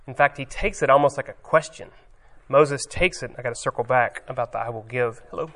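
A pastor preaching a sermon, reading scripture emphatically, then commenting in a looser way with hesitations. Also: male voice, mid-range voice, brisk, a bit bright.

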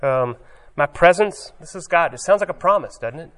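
A pastor preaching a sermon, reading scripture emphatically, then commenting in a looser way with hesitations. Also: male voice, fairly high pitch, animated, normal speed, a bit bright.

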